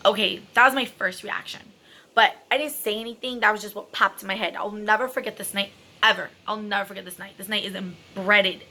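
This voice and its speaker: A woman's voice: medium pitch, fairly even intonation, moderate pace, bright, forceful tone. A woman telling a personal story in a chatty, dramatic vlog style, full of fillers and asides. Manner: chatty and dramatic, many fillers, self-described extra.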